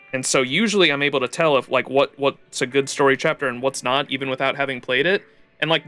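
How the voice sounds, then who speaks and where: A man's voice: on the high side, bright, forceful tone. A young man streaming a game, rambling casually with lots of swearing and fillers. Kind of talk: live game commentary.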